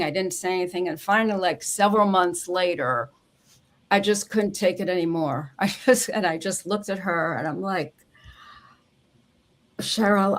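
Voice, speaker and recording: Earnest woman, low-voiced ghostwriter. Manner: earnest, emotional storytelling with soft laughs. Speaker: memoir ghostwriter, guest. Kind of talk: casual interview conversation. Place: home office on a video call.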